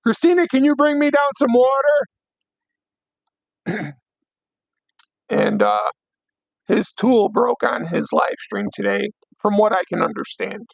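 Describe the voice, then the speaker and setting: A hoarse young man hosting a late-night livestream, ranting bluntly with plenty of swearing. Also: very high voice, lively intonation, slow, long pauses, no room sound, low-quality recording. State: hoarse, voice worn out. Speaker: livestream host.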